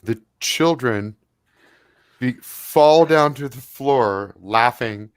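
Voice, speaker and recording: A man narrating a tabletop game as game master, animated and quick to put on voices for the creatures. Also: medium pitch, clean tone, no echo, studio quality.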